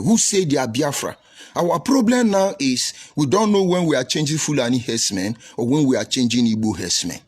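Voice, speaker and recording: Hosting a livestream, this preacher with a Nigerian English accent replies to viewers in a combative, sermonizing way, leaning on rhetorical questions. His voice is fairly high-pitched, a little mellow and slightly rough.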